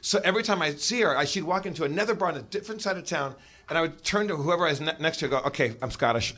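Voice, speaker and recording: A man guest telling a comic story, animated and full of stammering restarts. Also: on the high side, rapid-fire. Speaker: podcast guest.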